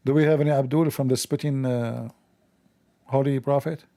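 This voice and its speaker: A man's voice: mid-range voice, fairly even intonation, normal speed, warm tone. A man hosting a mocking religious commentary show, sarcastic and scornful, in broken English. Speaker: host.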